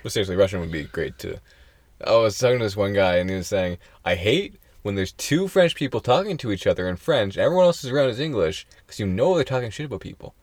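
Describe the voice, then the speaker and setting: A man's voice: fairly low pitch, lively intonation, fast talker, a little mellow, dry recording. A young man co-hosting a casual podcast chat, joking and laughing often. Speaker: podcast co-host.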